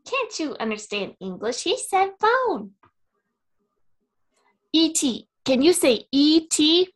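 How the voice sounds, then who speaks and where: A woman impersonating an excited, exasperated young boy, in a shrill, insistent delivery. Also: slow pace, exaggerated voice.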